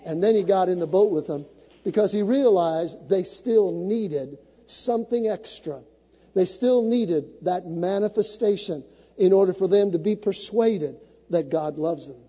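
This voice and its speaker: A man's voice: high-pitched, measured pace, warm tone, long reverb tail. A male pastor preaching a sermon to a congregation, with dramatic build-ups, acting out the scripture stories he tells.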